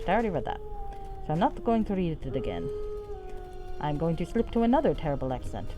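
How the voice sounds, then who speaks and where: Low-voiced woman streamer, swearing, lively. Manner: swears freely, self-mocking. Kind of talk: casual let's-play commentary. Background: game music.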